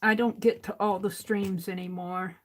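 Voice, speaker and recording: An older woman hosting an art livestream, chatting casually to herself as she works and counting items out loud. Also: mid-range voice, steady tone. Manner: unhurried, talks to herself while working, counts items aloud. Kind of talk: casual crafting livestream chat.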